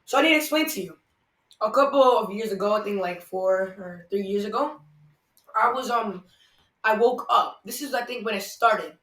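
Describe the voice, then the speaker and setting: A man's voice: high voice, moderate pace, bright, forceful tone. Rambling man in an echoey room. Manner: rambling, full of "like" and restarts. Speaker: podcast host. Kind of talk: casual storytelling. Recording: echoey room, far from the mic.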